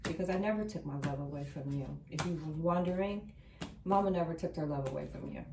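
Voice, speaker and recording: A woman's voice: deep voice, fairly quick, background noise. Reassuring woman giving a tarot reading. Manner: repetitive, reassuring, emphatic. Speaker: tarot reader. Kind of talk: tarot card reading to viewers. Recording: roomy sound from a distant mic.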